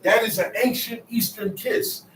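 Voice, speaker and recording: Heard from a distant mic in an echoey room with slight background noise, a man with a high, somewhat bright voice speaks at normal speed with fairly even intonation. He leads a Bible study, putting scripture into plain everyday speech and pausing to ask "okay?"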